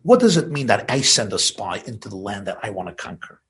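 A man giving a sermon, building to emphatic peaks and dropping to soft asides. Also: lowish voice, sing-song, fairly quick.

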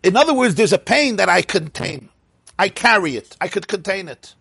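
Husky man teaching Chasidic texts. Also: high-pitched, lively intonation, moderate pace, a bit bright, dry recording. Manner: reads Hebrew text in a sing-song chant, then explains animatedly. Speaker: Torah teacher. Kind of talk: Chasidic text class.

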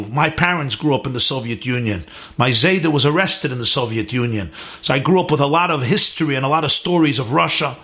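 A man's voice: fairly high pitch, a bit bright. Rabbi guy preaching a story, emphatic, keeps piling up lists. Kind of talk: sermon storytelling.

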